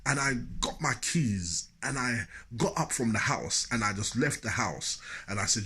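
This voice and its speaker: A man's voice: medium pitch, lively intonation, normal speed, few pauses, sharp tone, slightly rough. A man telling a personal story as a motivational speaker, chatty and full of asides.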